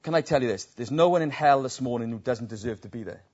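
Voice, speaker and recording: A man preaching a sermon, telling stories that swell into loud, emphatic peaks. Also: medium pitch, animated, quick pace, slightly rough. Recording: dull lo-fi recording.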